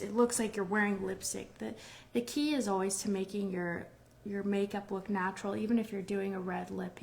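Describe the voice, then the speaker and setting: A beauty brand host with a medium-pitched voice and vocal fry walks through a casual makeup tutorial, rambling through each step and restarting her phrases. There's a little hiss or hum.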